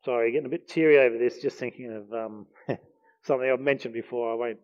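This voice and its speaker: A man's voice: mid-range voice, fairly even intonation, quick pace. A man preaching a heartfelt, earnest sermon. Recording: dull lo-fi recording.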